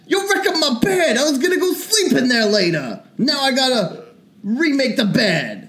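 A man putting on a high, squeaky mocking impression of a small comedian father scolding his son. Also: very animated, normal speed, a bit bright, roomy sound, heavily acted.

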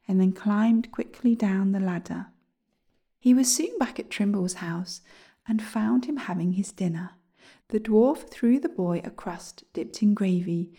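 A woman reading a children's story aloud, speaking gently and softly, often slipping into a whisper. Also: mid-range voice.

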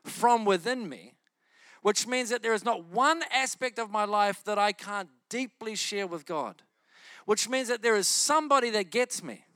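An impassioned man delivering a sermon, hammering phrases through repetition. His voice sits high and bright, and the recording is close and dry. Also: lively intonation, normal speed, no room sound. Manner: fervent, emphatic, repetitive. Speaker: preacher.

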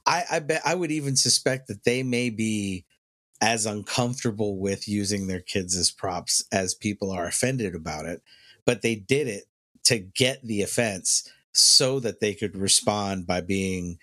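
A man with a fairly low voice rambles through a casual podcast conversation. He swears freely and laughs often as he talks. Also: measured pace, a bit bright. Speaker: podcast co-host. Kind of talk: casual chat.

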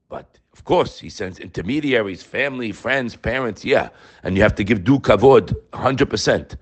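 A man in his sixties giving an inspirational Torah talk, telling stories with swings between quiet and emphatic moments. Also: mid-range voice, normal speed, slightly rough. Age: 60s. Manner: animated storyteller, swinging from quiet to loud. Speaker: Torah teacher.

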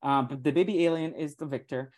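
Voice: medium pitch, very fast, darkish tone. A podcast host leading casual chat, teasing the co-hosts and using playful slang.

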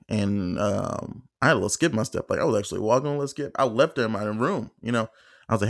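Gravelly low-voiced man rambling casually. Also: fast talker, dry recording, clean studio sound. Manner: profane, rambling, many fillers, acts out quoted lines. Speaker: podcast host. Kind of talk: casual solo storytelling.

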